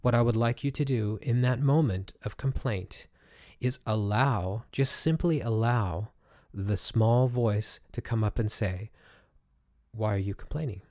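A man hosting a reflective self-help podcast, speaking calmly and gently in an unhurried way with small restarts. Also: medium pitch, no echo, clean studio sound. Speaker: podcast host.

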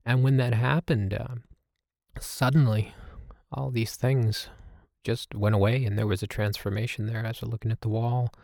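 A man telling a reflective personal story as a host, halting and with many fillers. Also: mid-range voice, steady tone, gravelly, a little mellow, dry recording, clean studio sound. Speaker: podcast host. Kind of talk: personal storytelling about meditation.

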